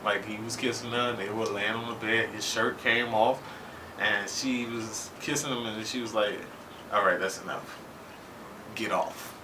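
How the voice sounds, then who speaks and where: A man's voice: fairly low pitch, moderate pace. A man casually recapping a TV episode with profanity, talking loosely and keeping asking his viewers "right?". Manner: animated, loose and conversational, keeps asking "right?". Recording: faint noise, distant from mic.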